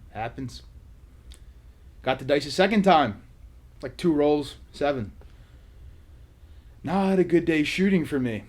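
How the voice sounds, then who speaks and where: A man hosting a casual storytelling vlog, with a voice pitched a bit high. He tells his story in an animated, sarcastic way, with plenty of dry asides. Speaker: vlog host.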